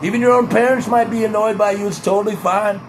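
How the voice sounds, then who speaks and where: High-voiced young man vlogging. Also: steady tone, quick pace, background noise. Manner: playful, drifts into pep talk. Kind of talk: casual rambling monologue.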